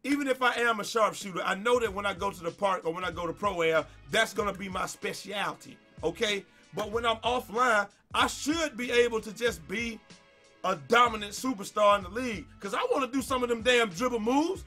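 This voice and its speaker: Bright-voiced man ranting about a game. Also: high-pitched, a little fast, soft background music. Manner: animated, exasperated ranting with stammered repeats and swearing. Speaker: gaming YouTuber. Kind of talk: gaming rant over gameplay.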